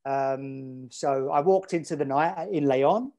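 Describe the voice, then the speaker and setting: A man's voice: medium pitch, slow pace, warm tone. An English man, a podcast guest, telling a story in a rambling, chatty way with lots of fillers. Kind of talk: casual storytelling.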